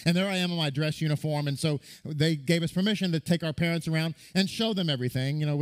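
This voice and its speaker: Man preaching an animated story-sermon. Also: a little high, fast talker, few pauses. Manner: animated storytelling with restarts and acted quotes. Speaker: rabbi.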